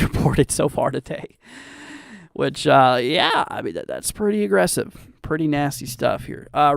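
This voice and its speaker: Gravelly young man hosting a weather stream. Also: on the high side, no echo, studio quality. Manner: rambling, many fillers and restarts, reads viewer chat aloud. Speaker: weather livestream host. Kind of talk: casual live weather commentary.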